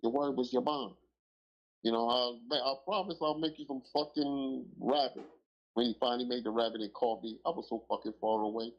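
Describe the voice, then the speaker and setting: A middle-aged man with a gravelly, husky voice tells long stories in a rambling way. He swears constantly and leans hard on his points. The audio sounds dull and lo-fi. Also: mid-range voice, fairly even intonation, fairly quick. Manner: profane, rambling and emphatic, with many filler phrases. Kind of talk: casual podcast storytelling.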